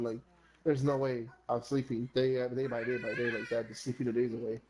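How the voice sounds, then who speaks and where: A man in the middle of a relaxed gaming chat spins a rambling tale. He restarts sentences, curses freely and drops Spanish phrases in with his English. His voice sits at an ordinary middle pitch. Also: fast, low-quality recording. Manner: rambling, swears often, slips into Spanish phrases. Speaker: gamer chatting with friends. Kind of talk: casual storytelling chat.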